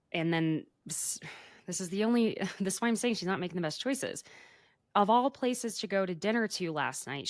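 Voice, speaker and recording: A woman's voice: on the low side, no echo. A woman co-hosting a podcast, chatting casually and laughing often as she dishes gossip. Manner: chatty, animated, laughs often, says y'all. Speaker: podcast co-host.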